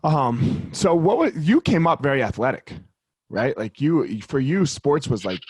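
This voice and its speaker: Male host, middle pitch, dry sound, relaxed and profane. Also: measured pace, breathy edge, no room sound. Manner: relaxed, loose, swears casually. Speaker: podcast host. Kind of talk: casual interview chat.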